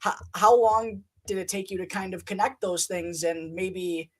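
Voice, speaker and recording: A man's voice: sits high, steady tone, a little slow, a bit bright. A man co-hosting a podcast, asking thoughtful, searching questions in a casual way. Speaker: podcast co-host.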